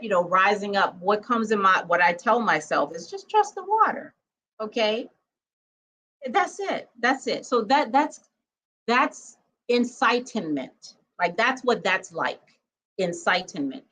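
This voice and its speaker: A woman's voice: medium pitch, fairly bright tone, rough recording. Emphatic woman vlogging to her viewers. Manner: emphatic, talks straight to viewers, keeps checking in with "okay?"; laughs easily. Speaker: spiritual vlogger. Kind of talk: casual vlog monologue.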